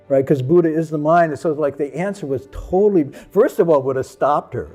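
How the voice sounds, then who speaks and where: A man's voice: on the high side, a little fast, few pauses, faint music behind. A man who is a Buddhist monk, telling stories about his teacher and acting out the people in them. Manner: animated, acts out the people in his story. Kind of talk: anecdotal storytelling.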